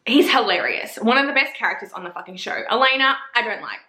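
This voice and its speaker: A young woman vlogging in a casual chat, gushing and swearing a lot as she talks excitedly. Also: fairly high pitch, fast talker. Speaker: vlogger reviewing TV series. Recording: echoey room.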